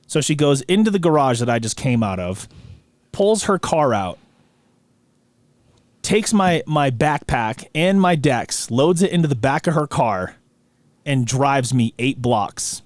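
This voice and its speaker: A man hosting a podcast, telling a story in a relaxed, slangy way full of dude and bro. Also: mid-range voice, unhurried, no room sound. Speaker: podcast host. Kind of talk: casual storytelling chat.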